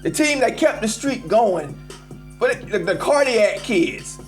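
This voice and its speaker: A man's voice: high-pitched, a little slow, soft background music. A man hosting a live call-in show, ranting emphatically about sports and talking straight to his listeners. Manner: animated, emphatic, addresses listeners as y'all. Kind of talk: casual sports rant.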